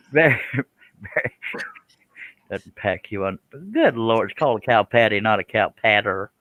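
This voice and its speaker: Jokey male live-stream host, reads chat aloud, bright and lowish. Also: expressive, unhurried, dry recording, poor audio. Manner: joking, chuckles, does silly animal noises. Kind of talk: casual chat reading out viewer comments.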